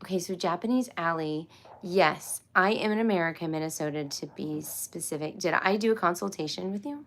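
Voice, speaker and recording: Woman, middle-aged, casual livestream chat, rambling, apologetic, laughs a lot, tired and loopy, lower voice. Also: a little fast, a bit bright. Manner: rambling, giggly, apologetic and self-interrupting. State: tired and loopy after a long workday. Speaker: homeschool livestream host.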